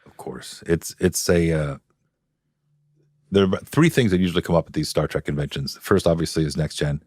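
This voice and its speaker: A man as a guest in a podcast interview, telling stories in a relaxed, chuckling way. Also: deep voice, brisk, breathy edge, no room sound. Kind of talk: casual chat. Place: podcast studio.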